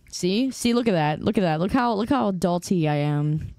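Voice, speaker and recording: A woman in her twenties chatting casually with viewers on a livestream, rambling in a playfully defensive way with halting restarts. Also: on the low side, animated, a little mellow, no echo. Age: 20s. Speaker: streamer.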